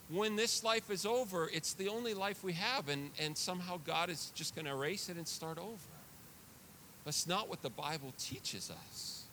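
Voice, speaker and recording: A man's voice: high voice, sharp tone, slight background noise. A man preaching a sermon as pastor, earnest and confessional, often repeating words as he builds a point.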